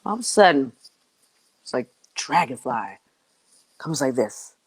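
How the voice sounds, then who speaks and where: In a dry recording, a woman with a very deep, slightly rough voice speaks without hurry. She's a guest singer animatedly telling a funny story, laughing and acting out voices with plenty of energy.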